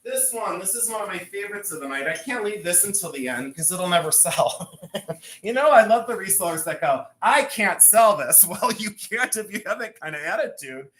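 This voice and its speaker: A man hosting a live jewelry and art sale stream, talking in a chatty, excitable way with self-mocking banter from a room at home. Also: high voice, brisk. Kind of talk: live-stream selling chat.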